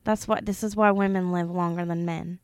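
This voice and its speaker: A woman's voice: on the low side, fairly even intonation, brisk, clean tone, no echo. A woman co-hosting a podcast, chatting casually and teasing her co-host with sassy, giggly remarks. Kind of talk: casual banter.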